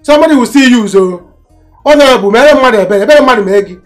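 An actor with a Nigerian accent playing a stingy, boastful older brother who mocks and orders people about. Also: male voice, very high voice, lively intonation, quick pace, faint music behind. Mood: mocking. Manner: mocking, boastful, mixes Igbo and Yoruba phrases. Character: boastful, stingy male moneyed big brother. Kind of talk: Nollywood film acting.

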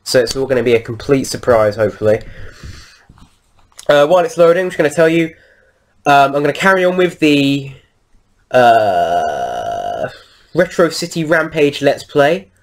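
A man's voice: mid-range voice, very animated, moderate pace, pauses often. A man, commentating casually on his own gameplay and rambling through his thoughts. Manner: rambling, lots of ums and restarts while he plays. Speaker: gameplay video host.

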